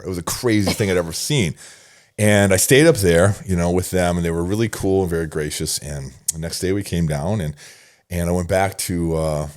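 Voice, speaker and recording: A man in his fifties, a podcast guest telling stories in a casual interview, animated, laughing often and repeating phrases. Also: low voice.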